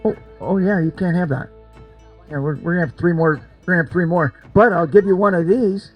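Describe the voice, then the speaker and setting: Older guy hyping a beanbag toss, high voice, jokey and repetitive, faint music behind. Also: fairly quick, slightly rough, muffled recording. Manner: joking, repetitive, coaxing. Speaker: event emcee running a cornhole game. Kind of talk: lively crowd banter.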